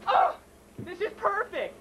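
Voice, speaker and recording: Teen male prankster, loud and hyper, lively swooping delivery, home-video hiss. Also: extremely high pitch, unhurried. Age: teens. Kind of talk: goofy home video clowning. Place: indoors, convenience store. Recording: noisy home camcorder audio.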